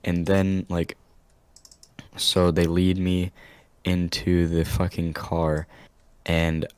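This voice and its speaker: Very deep-voiced young man telling a story. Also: level tone, slow pace, a little mellow, smooth, no echo. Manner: laughs often, swears a lot, jumps into high squeaky voices when quoting himself. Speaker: podcast co-host. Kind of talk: casual storytelling chat.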